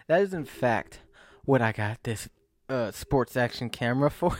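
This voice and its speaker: A man's voice: medium pitch, animated, a little slow, no echo. A young man vlogging to camera in a rambling, self-mocking monologue, often breaking into laughs and sighs.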